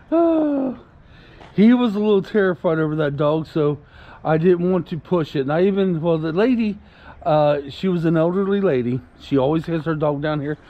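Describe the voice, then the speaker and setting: A man's voice: a little high, expressive, normal speed, long pauses, dull audio. A man vlogging casually while walking his puppy outdoors, rambling and repeating himself and talking soothingly to the dog. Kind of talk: casual chat to camera. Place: outdoors on a walk.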